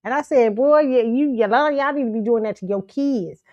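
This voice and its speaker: A woman's voice: on the high side, a little fast, dry recording, muffled recording. Sassy, blunt woman host. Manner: blunt, sassy, animated, laughs often. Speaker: show host. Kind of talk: pop culture commentary livestream.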